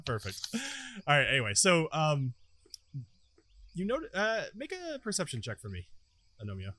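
A man narrating as game master of a tabletop game, relaxed and chatty, laughing often. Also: on the high side, a little slow, pauses often.

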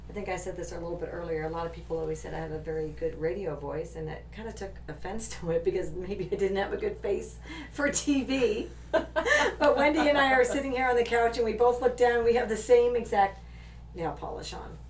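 A woman's voice: medium pitch, fairly even intonation, a little fast, a little mellow. Chatty middle-aged woman podcast host. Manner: chatty, laughs often. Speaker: podcast host and shop owner. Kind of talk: casual podcast chat. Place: indoor room, on a couch. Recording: echoey room, distant mic, faint noise.

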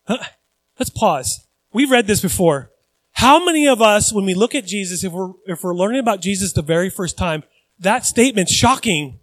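A man preaching a sermon in a lively, conversational way, acting out quotes as he goes. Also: high voice, fairly quick, dry recording, poor audio. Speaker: pastor.

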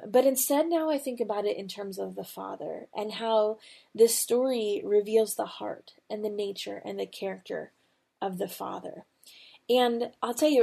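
A woman's voice: medium pitch, vocal fry, mellow, slightly rough. A middle-aged woman hosting a devotional podcast, reading scripture and then telling a personal story in an earnest, conversational way with fillers. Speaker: podcast host.

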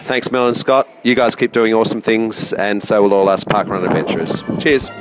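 A man's voice: fairly low pitch, fairly even intonation, brisk, music in the background, low-quality recording. An upbeat man reporting on location, chatting in a chummy way with many fillers. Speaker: roving reporter. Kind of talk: casual roving interview. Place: busy cafe outdoors. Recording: crowd chatter behind.

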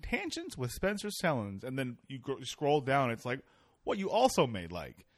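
A man's voice: medium pitch, huge pitch swings, normal speed, no room sound, studio quality. A man hosting a podcast in casual comedic chat, joking, swearing and rambling. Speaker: podcast host.

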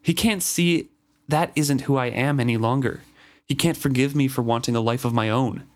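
A man's voice: medium pitch, moderate pace, lightly acted. A man reading aloud and voicing an angry, resentful young man who protests indignantly. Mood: bitter.

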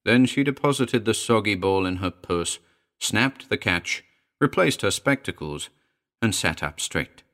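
A man reading narration in a story, with an expressive storytelling delivery. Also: on the low side, unhurried. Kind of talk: scripted audiobook narration.

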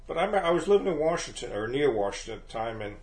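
A middle-aged man in a casual family podcast chat, reminiscing and telling stories at an unhurried pace. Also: fairly high pitch, sing-song. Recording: echoey room.

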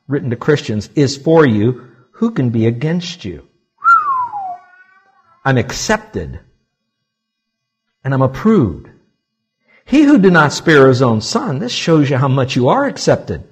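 Male pastor, husky tone, dynamic pulpit delivery swinging soft to loud, church sermon. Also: mid-range voice, normal speed. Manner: animated preaching with wide swings from quiet to loud.

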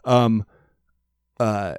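Rambling, animated podcast host. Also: male voice, fairly low pitch, very slow, a little hiss or hum. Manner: rambling, profane, animated storytelling. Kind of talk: casual chat. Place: studio.

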